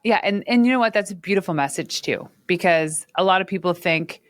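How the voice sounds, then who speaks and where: A woman hosting a podcast, telling personal stories in a lively, conversational way with laughs. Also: mid-range voice, a little fast, few pauses, dry recording. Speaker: podcast host. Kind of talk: conversational storytelling.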